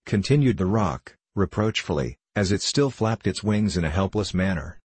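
A man reading a fairy tale aloud in a steady, measured storytelling voice. His voice is very low and husky, and the recording is close and dry with no room sound. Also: dry recording. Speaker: narrator.

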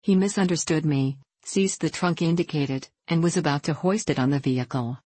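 A woman with a low voice reads a classic novel aloud in a measured, deliberate way. The sound is dry and close, with no room around it. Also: warm tone, slightly rough, dry recording, poor audio. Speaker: audiobook narrator. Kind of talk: scripted narration of a classic novel.

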